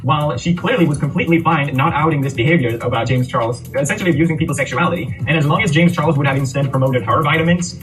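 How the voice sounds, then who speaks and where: A man gives critical, blunt commentary at a quick clip. He sits a little back from the mic. Music runs clearly underneath his voice. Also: fairly high pitch, distant mic, poor audio. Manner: critical, opinionated. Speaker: online commentator. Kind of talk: commentary voice-over.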